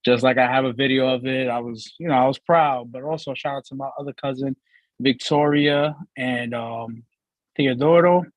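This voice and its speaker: A man co-hosting a sports talk show, teasing his partner with animated trash talk. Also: mid-range voice, moderate pace, no room sound, low-quality recording. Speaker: co-host.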